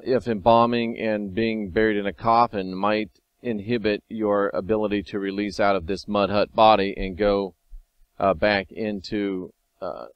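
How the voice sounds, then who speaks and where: A man hosting a casual video monologue, talking wryly and sometimes excitedly as he reads and comments on scripture. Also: on the low side, dry recording, muffled recording. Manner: conversational, wry, sometimes excited. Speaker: video host.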